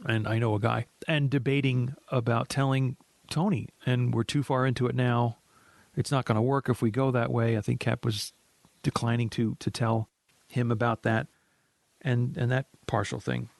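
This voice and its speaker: A man co-hosting a casual movie podcast, talking in a measured, thoughtful way. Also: medium pitch, steady tone, gravelly, dry recording. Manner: measured, thoughtful, trails off into restarts.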